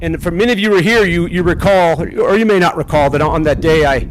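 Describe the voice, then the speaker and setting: Middle-aged male general, outdoor ceremony speech, slightly higher voice, halting and folksy. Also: slight background noise. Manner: folksy, self-deprecating, halting with restarts. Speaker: general officer speaking at a ceremony. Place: outdoors on a field.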